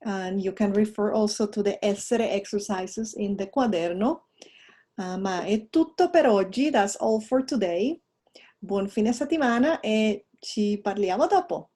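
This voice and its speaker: A woman's voice: medium pitch, mellow. A woman teaching a recorded language lesson, explaining in English with spoken examples in another language, often checking in with "right?". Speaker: Italian teacher.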